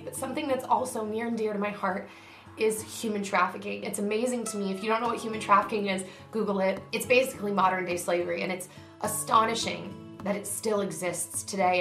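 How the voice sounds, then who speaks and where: A woman's voice: medium pitch, fairly bright tone. A woman vlogger speaking earnestly and from the heart, straight to her viewers. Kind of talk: direct-to-camera vlog appeal. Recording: roomy echo, faint music behind.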